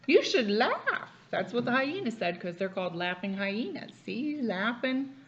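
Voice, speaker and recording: A woman with a mid-range voice reads a picture book aloud to a child at a moderate pace, pointing out what's in the pictures as she goes. Her delivery is lively, though the audio sounds dull.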